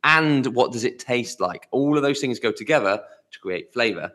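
A man with a mid-range voice co-hosting a podcast in casual chat. He rambles through his points, and his phrases often trail off quietly at the end. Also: mid-range voice, expressive, normal speed. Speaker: podcast co-host.

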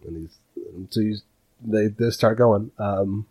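A man's voice: lowish voice, a little slow, breathy edge, muffled recording. A man narrating a tabletop game as game master, rambling with lots of fillers. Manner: rambling, filler-heavy, animated.

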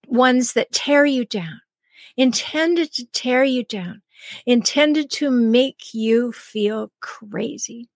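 A middle-aged woman with a fairly high voice hosts a solo advice podcast, talking directly to her listeners. She speaks deliberately and slows down with pauses to stress key words. The recording is dry and close, with no room echo. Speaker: podcast host and relationship coach.

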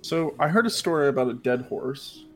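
A man voicing a calm, suspicious male crime boss who questions his henchman in a tabletop game. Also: on the high side, faint music behind, natural voice. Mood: probing. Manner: measured, probing questions.

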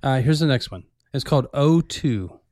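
A man's voice: mid-range voice, expressive, normal speed, a little mellow, no room sound, clean studio sound. A man hosting a radio show in casual chat, joking and rambling, breaking off his own sentences. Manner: joking, rambling, self-interrupting.

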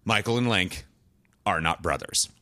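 A man's voice: low voice, unhurried, bright, forceful tone, no echo. A man casually recapping a TV show on a podcast, rambling, swearing and laughing often. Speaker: podcast co-host.

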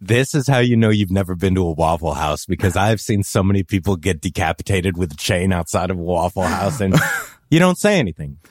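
A man co-hosting a podcast, trading sardonic jokes and deadpan asides in a casual recap chat. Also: deep voice, fairly quick, no room sound. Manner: sardonic jokey quips, dry deadpan asides. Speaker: podcast co-host.

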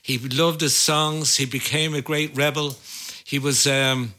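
An older Irish musician telling stories in a rambling, casual chat, full of fillers and restarts. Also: male voice, on the high side, fairly even intonation, unhurried, pushed and bright. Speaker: musician recalling gigs.

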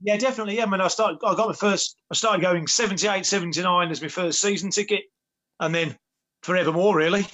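A man with a fairly high voice talks quickly as a guest. He rambles cheerfully, restarting his sentences and padding them with fillers. It all sounds like a loose, casual call. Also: sharp tone. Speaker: guest, former footballer. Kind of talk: casual chat.

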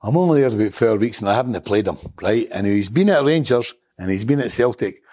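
A man's voice: lowish voice, a little fast. Blunt Scottish man telling stories. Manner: blunt, swearing, animated storyteller. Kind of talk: casual storytelling.

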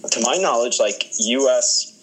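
A man's voice: medium pitch, unhurried, fairly bright tone, slight background noise, rough recording. A man in easy podcast conversation, wandering from point to point with amused asides. His voice sits in a middle register. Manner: chatty, rambling, amused asides. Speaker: podcast co-host. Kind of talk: casual chat.

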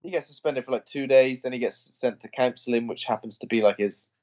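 A man co-hosting a casual film podcast, telling stories and breaking into shrill impressions. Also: fairly quick, a little mellow, muffled recording. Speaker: podcast co-host. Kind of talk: casual film review chat.

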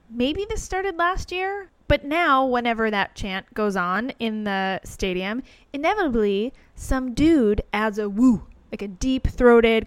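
A woman hosting a podcast, talking in an animated, opinionated way with wry asides. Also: on the high side, clean tone, dry recording. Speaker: podcast host. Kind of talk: casual monologue.

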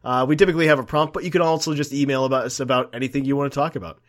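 A man's voice: mid-range voice, steady tone, very fast. A man hosting a casual podcast, talking in a laid-back, rambling way and laughing often. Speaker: podcast host.

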